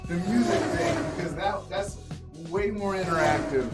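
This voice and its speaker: Giggly high-voiced man streaming from afar. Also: normal speed. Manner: giggly, rambling with many restarts. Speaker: talk show host. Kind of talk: casual livestream chat. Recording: distant mic with music behind. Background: music.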